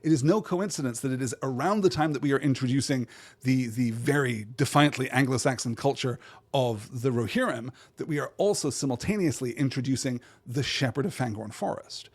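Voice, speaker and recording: A man with a voice of ordinary pitch hosts a literary podcast. He thinks aloud in a digressive way, restarts phrases and keeps asking "right?" as he works through his points. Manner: reads verse aloud in measured cadence. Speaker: podcast host.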